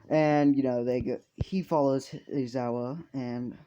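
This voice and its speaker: A man's voice: medium pitch, fairly even intonation, moderate pace, few pauses, mellow. A young man casually improvising a fan story, rambling with lots of fillers and swearing, on a dull lo-fi recording.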